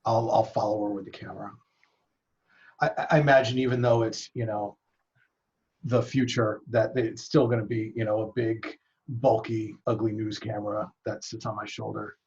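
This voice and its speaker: A man's voice: lowish voice, flat delivery, normal speed, darkish tone. Casual stammering male player; muffled call audio. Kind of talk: casual role-play chat.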